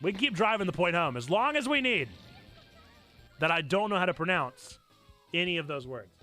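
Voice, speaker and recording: A man hosting a live game stream, chatting casually and yelling excitedly at what happens on screen. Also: sits high, normal speed, faint music behind. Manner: excitable, yelps and shouts at the game. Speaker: streamer host.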